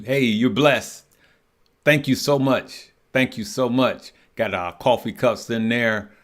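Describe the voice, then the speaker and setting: A man's voice: medium pitch, fairly bright tone. A man hosting a live stock and crypto trading stream, chatting casually, laughing often and greeting viewers by name. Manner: thinks aloud, trails off while checking charts.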